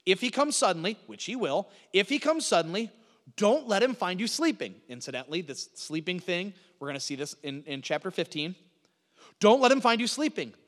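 A man's voice: high-pitched, expressive, a little fast, a bit bright, big-room sound. A man preaching a sermon in a conversational way, asking rhetorical questions and answering them. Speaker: pastor.

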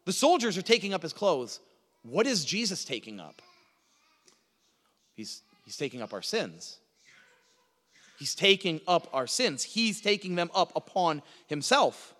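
A man preaching a sermon, teaching through a Bible passage with emphatic delivery that swings from loud to hushed. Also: high voice, sing-song, a little slow, pauses often, in a large hall.

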